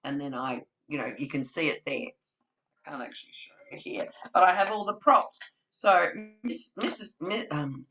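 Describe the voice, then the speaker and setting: A woman's voice: low voice, moderate pace, fairly bright tone, poor audio. A woman presenting a webinar for childcare educators, demonstrating storytelling with props and acting out story voices and sounds. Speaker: webinar presenter for family day care educators.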